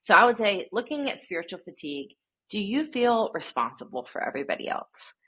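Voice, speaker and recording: A woman author, a guest on a podcast, who explains her ideas in a reflective way and lists her points in a steady teaching manner. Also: medium pitch, brisk, breathy edge. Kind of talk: podcast interview.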